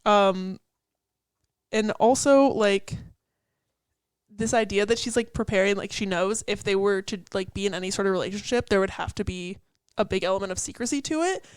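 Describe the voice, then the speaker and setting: A woman's voice: mid-range voice, moderate pace, smooth, no room sound. Chatty young woman full of fillers. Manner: chatty, many "like" fillers, laughs and swears. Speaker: podcast co-host. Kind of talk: casual chat analyzing song lyrics.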